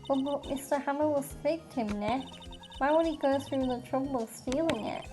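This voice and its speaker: A British woman reading the lines of a cheerful, excitable young female assistant from a video game, in a bright, perky way. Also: sits high, moderate pace, music in the background, pitched above the performer's own voice, natural voice.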